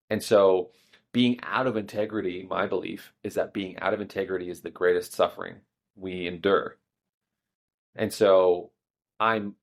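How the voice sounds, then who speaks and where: A man with a low, deep voice speaks candidly and reflectively, telling a personal story as a relationship coach. His solo podcast monologue is unscripted and self-deprecating.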